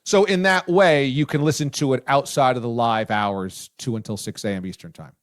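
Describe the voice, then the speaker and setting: A male show host interviewing a guest, loud and excitable, sometimes shouting his praise. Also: mid-range voice, moderate pace. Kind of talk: casual interview chat.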